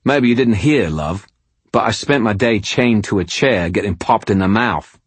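A man's voice: lowish voice, lively intonation, moderate pace, husky, dry recording, pitched above the performer's own voice. A man reading an audiobook voicing a coarse, annoyed hired mercenary who growls and swears freely. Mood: gruff, cunning.

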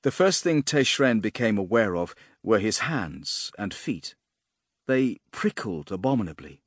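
Husky man reading a fantasy audiobook, lowish voice, lots of swing, dry close mic. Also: sing-song, measured pace, no echo. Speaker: narrator.

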